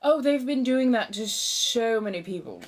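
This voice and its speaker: A woman's voice: fairly high pitch, lively intonation, moderate pace, soft background music. A woman in her forties hosting a livestream in a put-on old-fashioned American accent, theatrical, flowery and chatty, calling viewers darling. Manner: talkative chatterbox. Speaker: livestream host.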